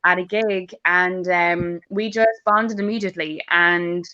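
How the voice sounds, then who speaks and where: A woman's voice: lowish voice, steady tone, unhurried, pushed and bright, no echo, muffled recording. An Irish woman comedian chatting on a video call, laughing often and swearing freely. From Ireland. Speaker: comedian guest. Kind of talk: casual chat on a video call.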